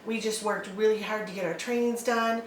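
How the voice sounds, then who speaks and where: A woman's voice: mid-range voice, fairly even intonation, brisk, far from the mic, a little hiss or hum. A woman in her fifties telling her story in a casual interview, hesitant and rambling, with lots of ums. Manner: rambling, hesitant, many ums and likes, laughs often. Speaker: adoptive mother, interview guest. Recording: roomy echo, from off-mic, faint ambience.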